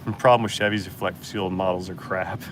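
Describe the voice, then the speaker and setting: A man's voice: low voice, steady tone, a little fast, fairly bright tone, a little hiss or hum. A man hosting a casual live-stream Q&A as a mechanic, blunt and joking as he answers chat.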